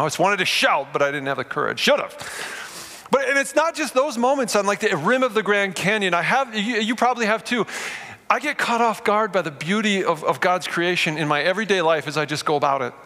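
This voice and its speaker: A man in his forties preaching a sermon to a live audience, telling stories in an animated way and speaking to them directly. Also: high-pitched. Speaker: pastor. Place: large room before a live audience. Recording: long reverb of a large hall.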